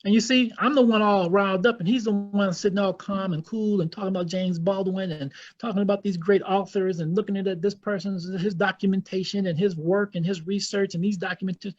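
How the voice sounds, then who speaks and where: A man from the United States with an American accent, a guest Islamic scholar, delivers impassioned, blunt interview remarks at a brisk clip with few pauses, restating things for emphasis. His high voice holds a steady tone, though the recording sounds muffled.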